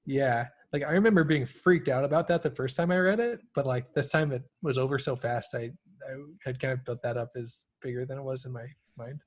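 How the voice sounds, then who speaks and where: A man's voice: mid-range voice, a little fast. A man with a mid-range voice on a book podcast. He talks in an easygoing, storytelling way, restarting phrases as he goes. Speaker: podcast co-host. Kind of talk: casual book discussion.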